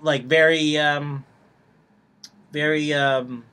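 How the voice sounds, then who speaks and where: A young man co-hosts a podcast with a slightly high voice. He explains things in a loose, rambling way and keeps pausing on fillers. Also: level tone, pushed and bright, clean tone. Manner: rambling, many fillers and pauses. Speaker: podcast co-host. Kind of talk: casual chat.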